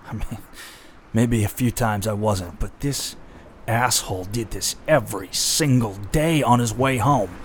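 A man's voice: on the low side, a little slow, a little hiss or hum, lightly acted. A man playing a bitter newsstand vendor confessing a killing in a radio drama, profane and agitated. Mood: haunted.

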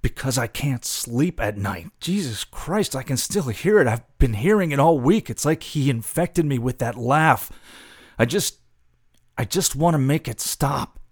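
A bitter, profane street vendor pours out a haunted confession in a radio drama, at an ordinary pitch with a dry, close sound. He is agitated and swears freely. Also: animated, measured pace, dry recording. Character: bitter working-class man confessing a killing.

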